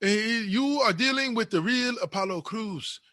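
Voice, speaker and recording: A man co-hosting a wrestling podcast in casual chat, animated and slangy, often calling people bro or brother. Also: high voice, a little slow, no echo, clean studio sound. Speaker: podcast co-host.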